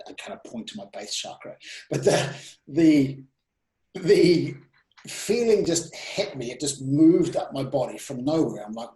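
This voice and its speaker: A man in his thirties telling personal stories in an interview, animated and full of restarts and quoted self-talk. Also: medium pitch. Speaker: guest speaker. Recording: roomy echo.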